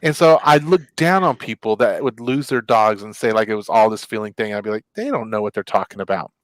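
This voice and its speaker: A man co-hosting a casual talk show, telling a story in an animated way and acting out his own past reactions in a raised voice. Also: on the low side, brisk, no room sound. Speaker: show co-host.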